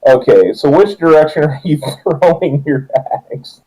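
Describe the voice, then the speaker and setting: A man's voice: on the high side, lively intonation, unhurried, mellow, breathy edge, low-quality recording. Laid-back young man running a tabletop game. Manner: laughing, joking, loose narration. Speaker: game master.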